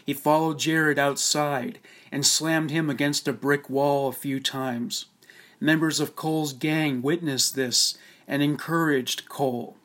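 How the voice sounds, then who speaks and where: A man reading a scripted documentary narration in a steady, measured, solemn way. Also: a little high.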